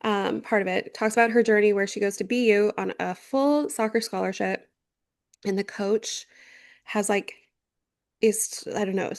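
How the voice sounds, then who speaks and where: A woman's voice: medium pitch, steady tone, moderate pace, creaky. A woman co-hosting a podcast in casual chat, rambling with lots of fillers and swearing freely. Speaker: podcast co-host.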